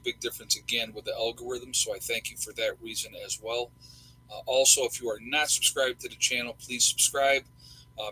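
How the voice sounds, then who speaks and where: A man's voice: mid-range voice, sharp tone, husky, poor audio. A middle-aged man, chatting casually and rambling with lots of fillers as host of a livestream. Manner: rambling, folksy, many fillers.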